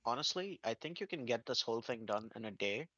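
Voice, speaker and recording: A woman putting on a gruff deep-voiced viewer. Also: animated, fairly quick, fairly bright tone, no room sound, lo-fi sound, full character voice. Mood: teasing. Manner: drops to a low gruff voice. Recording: off-mic with game music behind.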